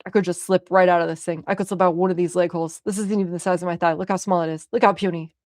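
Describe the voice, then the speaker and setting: A woman imitating her friend as a nervous young woman who babbles and swears in a hushed, lower voice. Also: flat delivery, rapid-fire, dry recording, studio quality, lightly acted. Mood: panicked.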